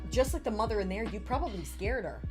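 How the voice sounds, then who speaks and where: A woman's voice: a little high, expressive, fast, darkish tone, faint music behind. Laid-back woman who laughs often. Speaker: podcast co-host. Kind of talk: casual reaction chat.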